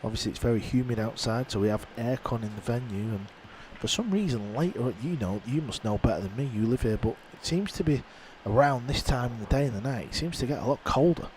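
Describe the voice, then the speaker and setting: A man's voice: medium pitch, fast, hardly any pauses, a little mellow, a little hiss or hum, low-quality recording. A man giving live pool commentary in a conversational way, musing on how mistakes shake the players. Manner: conversational, reflective on players' mindset.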